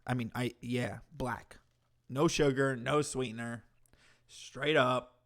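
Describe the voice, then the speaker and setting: Speaking slowly at a medium pitch in a steady tone, a man runs a live stream, reacting to clips and chatting with viewers. His casual commentary is sarcastic and profane, with bursts of loud laughter and yelling.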